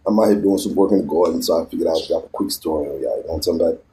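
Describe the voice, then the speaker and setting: A man telling a story in a casual, slangy, animated way, out in a garden. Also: low-pitched, racing, poor audio. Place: outdoors in a garden.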